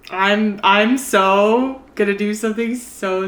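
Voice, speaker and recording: A woman's voice: on the low side, moderate pace, fairly bright tone, a little hiss or hum. A young woman in casual vlog chat about a book series. She thinks aloud with many likes and ums, and she turns emotional and dramatic. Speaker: book vlogger.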